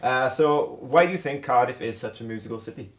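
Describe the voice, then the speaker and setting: A man's voice: medium pitch, fairly quick, crowd noise. A young man presenting a student TV music show, asking questions in a casual, friendly way. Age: young adult.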